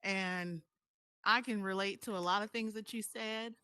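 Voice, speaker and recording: A woman's voice: mid-range voice, steady tone, measured pace, pushed and bright, clean tone, dry recording. A woman in an online voice chat who is holding back tears as she sincerely thanks someone. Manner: sincere and grateful, slightly tearful. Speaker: participant. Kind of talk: casual group voice chat.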